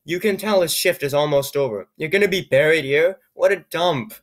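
A man reading an odd, computer-written story aloud, with low-key, wry remarks on the text and frequent stumbles over words. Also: moderate pace. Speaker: YouTuber reading AI-generated stories. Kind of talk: comedic reading with asides.

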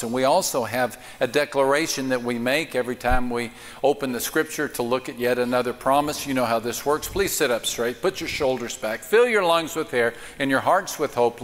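Male pastor, live sermon, storytelling, mid-pitched voice, long church reverb. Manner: storytelling, slow emphatic cadence. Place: church auditorium.

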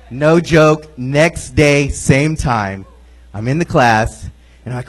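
A man's voice: medium pitch, takes it slowly, pauses often. Man telling a profane yoga story. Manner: laughing, profane, acts out his own lines. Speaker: guest comic. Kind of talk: first-time stand-up storytelling. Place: comedy club stage with live audience. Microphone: stage mic, multi-mic podcast audio.

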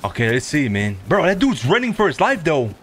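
A man's voice: on the high side, huge pitch swings, fairly quick, a bit bright, slight background noise. A man chatting casually with a friend while gaming, laid-back and swearing freely. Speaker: gamer.

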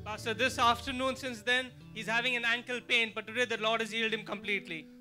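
A man reporting church testimonies to the pastor in a measured, deliberate way. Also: extremely high pitch, fairly even intonation, pushed and bright, faint music behind.

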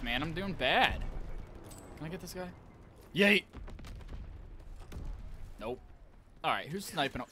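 A young man giving excitable live commentary on an online shooter match, talking to his viewers and trash-talking as he plays. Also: mid-range voice, slow pace, long pauses, slight background noise. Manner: excitable, talks to viewers, trash-talks while playing. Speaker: gaming channel host.

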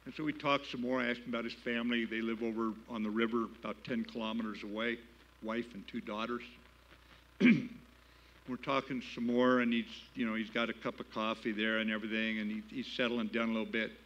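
A man's voice: medium pitch, little pitch movement, a little fast, fairly bright tone, lo-fi sound. An older man giving a keynote speech at a gala, telling a war story in a plain-spoken, folksy way and building to emphatic appeals. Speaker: keynote speaker. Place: gala banquet hall.

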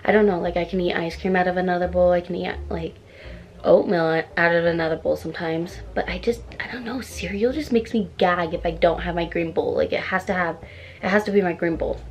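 A woman's voice: fairly low pitch, fairly even intonation, fairly quick, a little hiss or hum. A teenage girl vlogging to camera from inside a small trailer, rambling and anxious with many fillers. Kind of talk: casual vlog to camera. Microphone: handheld camera, close.

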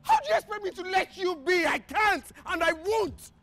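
An actress with a Nigerian accent in a film drama, shouting defiantly. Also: female voice, extremely high pitch, big pitch swings, normal speed, soft background music, full character voice.

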